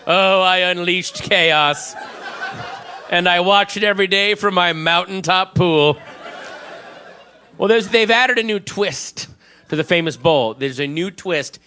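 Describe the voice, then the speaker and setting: A man's voice: sits high, unhurried, sharp tone, slight background noise. A man doing a stand-up comedy set, rambling, profane and self-mocking.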